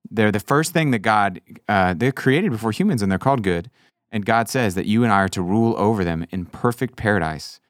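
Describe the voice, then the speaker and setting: A man with a low voice hosts a casual faith podcast. He tells stories with energy and acts out the quotes in squeaky high voices. The sound is close and dry. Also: animated, a little fast, no room sound. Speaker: podcast host. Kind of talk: casual chat about faith.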